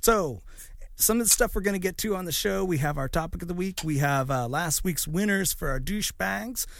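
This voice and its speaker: A man's voice: high voice, expressive, brisk, gravelly, a bit bright. A man hosting a podcast, rambling through a casual, profanity-filled story with lots of fillers. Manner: rambling, swears freely, frequent fillers. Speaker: podcast host.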